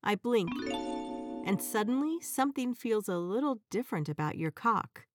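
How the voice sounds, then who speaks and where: A woman narrating an erotic audio story in a soft, even, intimate storytelling voice. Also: mid-range voice, normal speed, over music.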